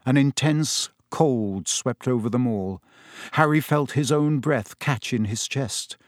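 A man's voice: medium pitch, takes it slowly, no echo, studio quality. A man narrating a story aloud with suspenseful, varied pacing. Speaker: audiobook narrator.

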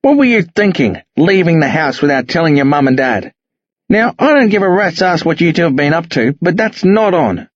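A man playing a gruff, hungover middle-aged police sergeant who barks and berates in a hoarse voice. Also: on the high side, lively intonation, normal speed, no room sound, dull audio. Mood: furious. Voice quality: hoarse, barking. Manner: berating, threatening, voice rising steadily.

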